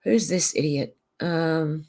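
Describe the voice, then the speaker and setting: Chatty Australian woman, lowish voice. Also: slow, a little mellow. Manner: chatty and rambling, reading out and answering comments. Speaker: livestream host reading viewer comments. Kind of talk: casual livestream chat. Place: home on a mountain.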